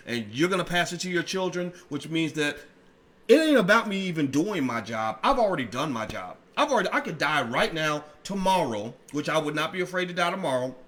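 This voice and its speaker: A middle-aged man hosting a commentary livestream, fiery and profane, his speech a little slurred from dental work, swinging from loud outbursts to quiet asides. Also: high voice. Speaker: commentary channel host.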